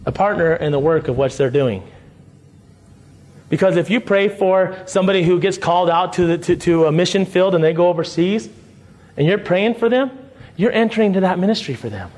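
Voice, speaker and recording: A man's voice: high-pitched, a little fast, a little mellow. A male pastor preaching a sermon in a conversational way, checking in with the congregation through frequent "right?" and "okay?" asides.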